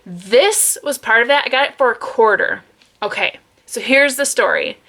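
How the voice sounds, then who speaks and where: At home in a room, a woman with a fairly high, animated, fairly bright voice vlogs about her books at a normal pace. She chats casually and rambles, using lots of fillers.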